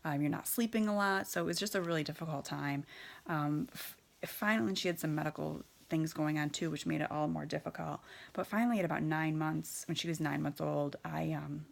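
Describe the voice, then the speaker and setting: A woman in her thirties shares her personal story in a candid, unpolished way. Her voice sits low with a gravelly fry, and she often pauses, restarts and fills gaps as she talks. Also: fairly even intonation. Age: 30s. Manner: candid, hesitant, many fillers and restarts.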